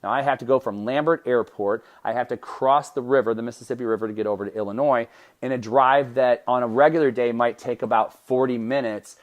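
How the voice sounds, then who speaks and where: Animated man telling a personal story. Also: medium pitch, a little fast, lo-fi sound. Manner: animated, self-interrupting storytelling with restarts and laughs. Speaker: podcast host.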